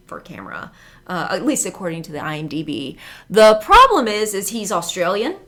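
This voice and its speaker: A woman's voice: on the low side, fairly bright tone. A woman talking casually in a movie review vlog, chatty and full of filler words.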